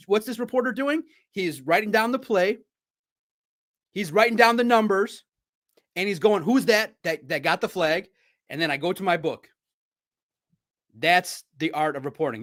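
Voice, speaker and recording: A man hosting a sports podcast, telling stories in a chatty, animated way. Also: high-pitched. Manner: animated, chatty storytelling with laughs. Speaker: podcast host. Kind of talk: casual sports recap.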